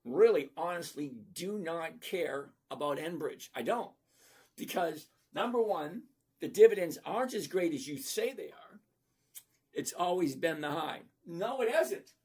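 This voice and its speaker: Blunt, husky stock-chat host. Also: mid-range voice, animated, a little slow, a little mellow. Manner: blunt and playful, with emphatic repetition. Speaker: stock trading livestream host. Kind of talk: casual livestream chat reading viewer comments.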